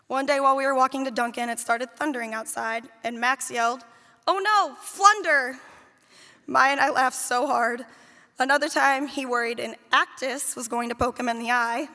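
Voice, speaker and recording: A woman with a high, bright, gravelly voice reads a heartfelt eulogy for children she cared for, speaking with tender fondness. Her words carry a long reverb from a large hall. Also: level tone, fairly quick. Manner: heartfelt, tender, fond storytelling. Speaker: nanny giving a eulogy. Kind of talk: read memorial speech.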